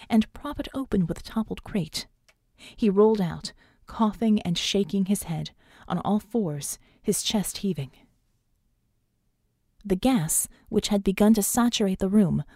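A woman's voice: mid-range voice, dark tone, no echo, clean studio sound. A woman narrating an audiobook in a tense, dramatic reading. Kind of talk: scripted narration.

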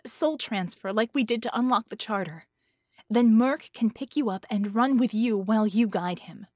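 Audiobook figure: narrator doing a hoarse, clipped woman giving orders, dry close recording. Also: on the high side, a little mellow, dry recording, close to an everyday voice. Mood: urgent. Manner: brisk, barking orders. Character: hoarse, commanding woman coordinator.

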